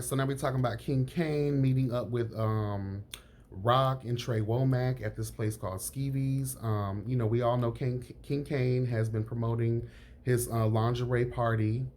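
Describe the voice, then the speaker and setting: A man reviewing a reality show in casual chat, sassy and frank, calling everyone honey and girl, his pitch jumping up on emphasis. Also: slight background noise. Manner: lively pitch jumps on emphasis.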